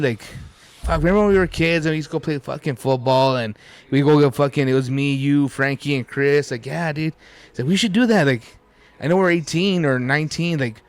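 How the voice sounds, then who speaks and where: A man telling a story as a podcast guest, rambling and swearing, with Spanish words dropped in. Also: on the high side. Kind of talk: casual storytelling.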